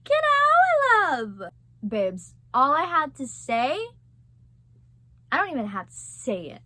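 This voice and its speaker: A young woman chatting casually as a vlogger, gushing and excitable, swearing freely. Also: high-pitched, slow pace, slight background noise. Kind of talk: casual chat.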